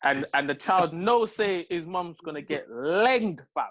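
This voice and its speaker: A young man with a London accent, telling a story in an animated, slang-heavy way as a podcast co-host. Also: a little high, unhurried, no room sound, muffled recording. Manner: slangy, lively, full of street slang tags. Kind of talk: animated storytelling in casual chat.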